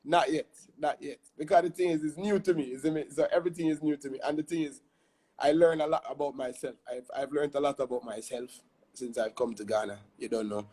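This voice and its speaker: A man's voice: a little high, steady tone, a little fast, dark tone, slightly rough. A young adult man with a Jamaican accent, a guest chatting animatedly in an interview, often adding "you see me?". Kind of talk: casual interview chat.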